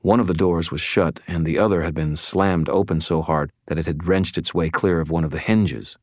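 A man reads a first-person story in a steady, measured way. His voice is extremely low and deep. The recording is dry and close, with no room around it. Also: no echo. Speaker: audiobook narrator. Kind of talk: first-person audiobook narration.

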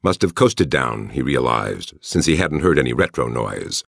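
A man narrating an audiobook in a measured, expressive way. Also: very deep voice, creaky, no room sound, studio quality. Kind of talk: scripted narration.

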